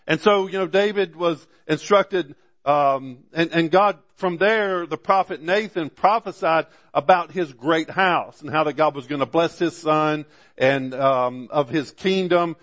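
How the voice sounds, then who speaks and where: A man's voice: a little high, fairly bright tone. Male pastor, sermon delivery, rhetorical questions, stumbles and repeats, stretches out quoted verses. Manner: preacher with frequent "amen" and rhetorical questions; slows down to stress scripture quotes.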